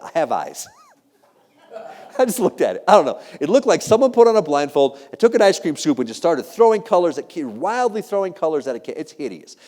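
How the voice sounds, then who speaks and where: A middle-aged man delivers a keynote with a fairly high, very lively voice that swoops up and down as he jokes. He tells stories to a live audience and acts out the voices of the people in them. His voice rings with the long reverb of a large hall. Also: fairly quick. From United States. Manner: animated, jokey, acts out quoted voices. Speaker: keynote speaker. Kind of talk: motivational keynote storytelling.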